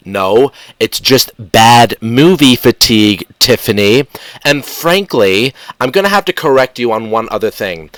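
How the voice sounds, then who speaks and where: A man's voice: fairly low pitch, normal speed, fairly bright tone, no echo. A man hosting a casual reaction commentary, rambling through fillers and self-corrections and talking back sarcastically to an article's author. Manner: sarcastic, argumentative, addresses the article's author directly. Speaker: commentary channel host.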